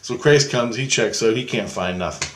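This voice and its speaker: A man's voice: medium pitch, moderate pace, fairly bright tone, a little hiss or hum. A man telling a spiritual dream story to his viewers in a loose, rambling way, full of fillers and restarts. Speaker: video blogger.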